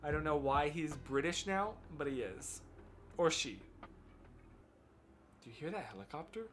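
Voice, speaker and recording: American man, casual live-stream chatter, rambling, slightly higher voice, faint lo-fi music behind. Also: big pitch swings, unhurried, fairly bright tone. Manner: rambling, self-deprecating, thinking aloud.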